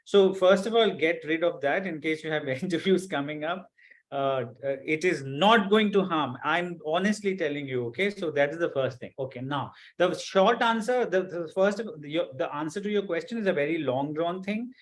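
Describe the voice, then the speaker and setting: A man's voice: on the high side, normal speed. A man teaching a live online class, answering a student's question earnestly with many fillers and reassurances. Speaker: course instructor.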